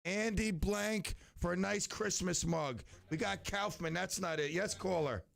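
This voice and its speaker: A man's voice: high voice, a little slow, creaky, a bit bright. A man hosting a local radio show, chatting casually and telling jokey stories between callers. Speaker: radio host.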